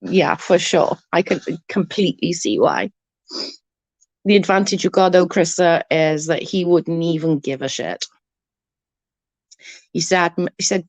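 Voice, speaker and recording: A woman with a fairly low voice chats casually with her viewers. She giggles constantly and swears without a second thought. The sound is dry and close, with no room around it. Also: measured pace, pauses often, no echo, poor audio. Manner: giggly, laughs often, swears freely.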